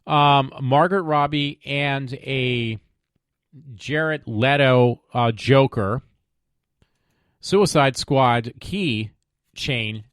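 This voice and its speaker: Solo web show host, a man, mid-pitched, rambling and sarcastic, dry close mic at home. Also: very slow, pauses often, fairly bright tone, clean tone, no echo. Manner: rambling, many fillers and trailing off; sarcastic, mock-pleading asides. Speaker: podcast host. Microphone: desk microphone at home.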